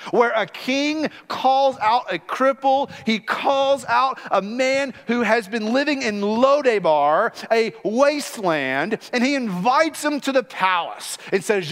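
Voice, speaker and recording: A man's voice: high-pitched, animated, slow, few pauses, a bit bright. A man preaching a sermon as pastor, emphatic and teaching, acting out scenes from the text. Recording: long hall reverb.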